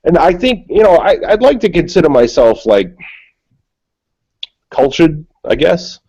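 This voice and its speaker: A man's voice: a little high, big pitch swings, measured pace, warm tone, lo-fi sound. A man from New England with a Massachusetts accent, rambling and swearing through stories in a casual chat on a group call. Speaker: panelist.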